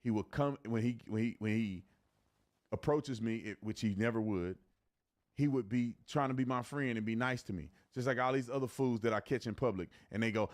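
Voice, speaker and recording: A man's voice: medium pitch, moderate pace. A man with an ordinary mid-range voice hosts a casual reaction show. He talks bluntly and with energy, often restarting his sentences with repeated words. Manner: stammering restarts, blunt and animated. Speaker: commentary show host.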